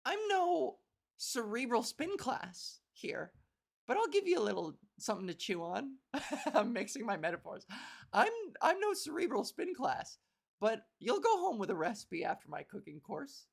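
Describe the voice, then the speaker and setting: A woman's voice: fairly high pitch, very animated, creaky. A young woman from Canada hosting a podcast, telling a comic story in a casual, self-deprecating way with frequent laughter and a buzzy edge to her voice. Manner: self-deprecating, laughs often, acts out quick exchanges. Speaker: podcast host. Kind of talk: casual comedic monologue.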